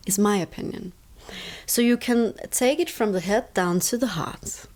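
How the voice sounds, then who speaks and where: A woman's voice: medium pitch, a little mellow. Danish woman guest on an interview, english not her first language, talks it through, says stuff twice for emphasis. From Denmark. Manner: emphatic, repeats words for stress. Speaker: interview guest, stress coach. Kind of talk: reflective conversational explaining.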